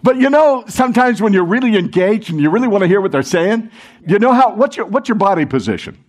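Male pastor, lively sermon delivery, high voice that swings widely, engages the congregation. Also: quick pace. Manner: animated, interactive with congregation, acts out quotes.

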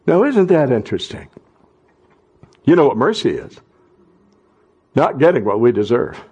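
A middle-aged man preaching a sermon as pastor, talking conversationally and then rising to loud impassioned cries. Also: medium pitch, big pitch swings, moderate pace, slightly rough, highs cut off.

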